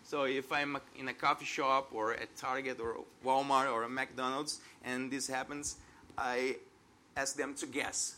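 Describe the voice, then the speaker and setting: A man's voice: mid-range voice, level tone, a little slow, sharp tone, slight background noise. A man in his thirties from Brazil with a Brazilian Portuguese accent, preaching an earnest, conversational sermon and laughing at himself now and then. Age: 30s.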